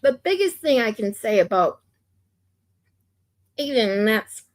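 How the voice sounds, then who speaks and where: A woman's voice: on the high side, very animated, unhurried. A woman streamer from the United States giving blunt, opinionated commentary in a casual ranting manner.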